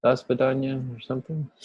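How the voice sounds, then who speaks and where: A man hosting a gentle spiritual talk over a video call, laughing often and speaking in slow, reflective phrases. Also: medium pitch, husky, no echo, narrow, tinny audio. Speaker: spiritual teacher hosting an online gathering. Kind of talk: casual chat, then gentle spiritual talk.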